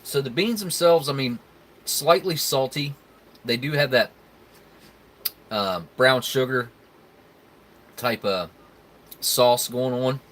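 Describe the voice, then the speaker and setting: On a relaxed live stream, a man tastes military rations and rambles easily with his viewers. His medium-pitched voice is a bit bright, and he speaks slowly with long pauses.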